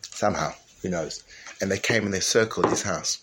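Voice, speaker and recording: A man leading an informal Torah class, animated and emphatic, dropping to a hushed tone at times, with many fillers and restarts. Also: low-pitched, moderate pace, background noise. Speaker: teacher.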